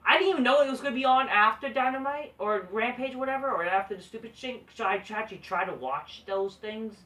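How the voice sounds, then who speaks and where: A man's voice: high voice, fast talker, bright, forceful tone, distant mic. A man hosting a wrestling review vlog, ranting with heavy profanity and frequent restarts. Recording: echoey room, voice off-mic.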